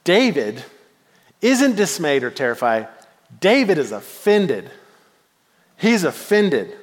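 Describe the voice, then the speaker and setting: Speaking in a large hall, a man delivers a sermon at a slow pace in a slightly high voice. As pastor, he tells a story playfully and with animation, voicing its figures in acted quotes.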